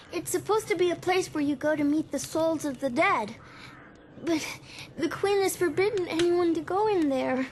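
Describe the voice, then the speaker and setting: A woman's voice: extremely high pitch, moderate pace, a little mellow, a little hiss or hum. A woman voicing an earnest, emotional young girl in a game cutscene. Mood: worried.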